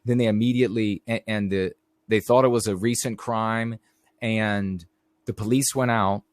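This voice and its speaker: A man's voice: on the low side, fairly even intonation, normal speed, no room sound. A middle-aged man hosting a live stream, telling rambling stories in a casual monologue and talking straight to his viewers. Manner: rambling storyteller, addresses viewers directly.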